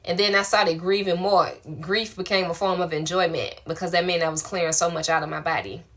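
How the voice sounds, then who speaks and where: Bright-voiced woman, casual spiritual coach. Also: fairly low pitch, fairly even intonation, brisk. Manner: affectionate, colloquial, encouraging. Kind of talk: live-stream answering viewer questions.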